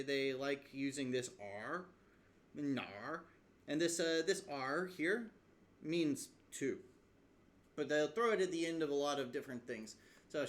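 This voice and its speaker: A man teaching from his own language study in a casual video lesson, thinking aloud with fillers and restarts. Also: mid-range voice. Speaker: language learner explaining lessons.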